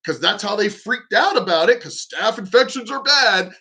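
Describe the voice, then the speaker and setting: A man rants to camera in an emphatic, indignant vlog monologue, cursing often, circling back on his points and starting sentences over. The pitch is high, the tone sharp and bright, and his delivery animated at a normal pace.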